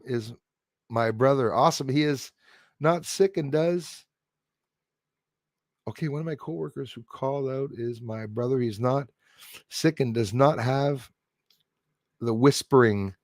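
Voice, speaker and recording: A man's voice: medium pitch, a little slow, pauses often, a little mellow, no echo, studio quality. A man hosting a livestream, chatting casually and jokily while answering viewer comments, with frequent chuckles. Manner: rambling, jokey, chuckles often.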